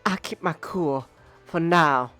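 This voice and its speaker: A man's voice: on the high side, takes it slowly, pushed and bright, no echo, faint music behind. A man voicing a sweet-talking young female rabbit fighter who calls people sugar, in a comic read on stream. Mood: reassuring.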